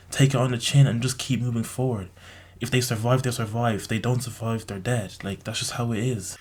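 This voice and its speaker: Young dude giving blunt sweary advice to camera, lots of fillers. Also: male voice, medium pitch, darkish tone. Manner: blunt, profane, lecturing with many fillers. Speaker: vlogger. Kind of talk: casual advice monologue to camera.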